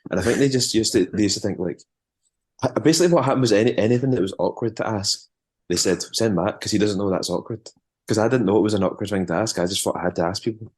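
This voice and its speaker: A Scottish man with a very low voice spins loose, rambling tales in a relaxed interview. He stumbles and restarts often, and chuckles now and then while he talks. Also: racing, slightly rough. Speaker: musician and former tour manager. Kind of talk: casual interview storytelling.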